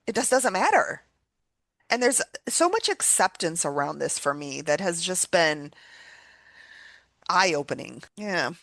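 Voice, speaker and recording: A woman's voice: lowish voice, big pitch swings, measured pace, pauses often, a bit bright, no echo. A woman hosting a podcast, talking in an earnest, reflective way, with frequent restarts and repeated words. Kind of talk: casual reflective chat.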